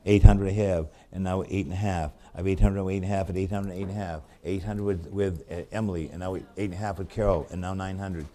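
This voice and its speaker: A low, dark-voiced man with a New England accent calls a live auction. He rattles off bids in quick repeated runs, then slows down for friendly remarks about each piece. His tone stays mellow and relaxed. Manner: rapid repetitive bid calling with chatty asides.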